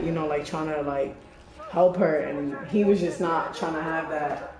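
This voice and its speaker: A young woman tells a story in casual chat, in an animated and profane way, full of fillers. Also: low-pitched, moderate pace. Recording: echoey room, far from mic.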